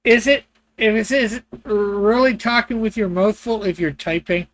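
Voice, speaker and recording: A man's voice: sits high, a little slow, a bit bright, no echo. A man hosting a livestream while he colors, chatting casually with viewers and laughing to himself. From Canada. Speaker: livestream host.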